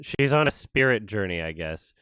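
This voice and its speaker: A man riffing through a casual watch-along with a lively, swooping delivery and a sarcastic, mocking edge. His voice is bright and smooth, and it sits close and dry. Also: on the low side, normal speed, no echo. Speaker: host.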